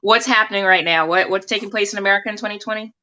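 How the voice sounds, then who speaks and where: A woman hosts a live-stream talk show in a lively, chatty way. She laughs easily as she talks. Her voice is bright and clear. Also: mid-range voice, rapid-fire, highs cut off. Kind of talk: casual live-stream hosting.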